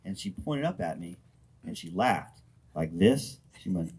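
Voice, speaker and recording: A man's voice: low-pitched, very animated, a little slow, a little mellow, husky. A man in his thirties doing a crude, self-deprecating stand-up set and bantering with a small crowd. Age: 30s. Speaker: stand-up comedian. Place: outdoor firepit gathering. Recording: crowd noise around the speaker. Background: small crowd laughing and heckling.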